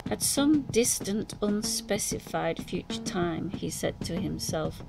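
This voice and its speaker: A woman reading an audiobook in measured, scripted narration. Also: on the low side, animated, creaky, low-quality recording. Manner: slow, measured reading with voiced dialogue. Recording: music bed under narration.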